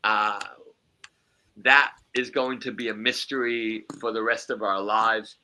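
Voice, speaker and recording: A man's voice: fairly low pitch, level tone, a little slow, pushed and bright, a little hiss or hum. A man hosting a podcast as a psychic medium, chatting casually in a rambling way with chuckling asides.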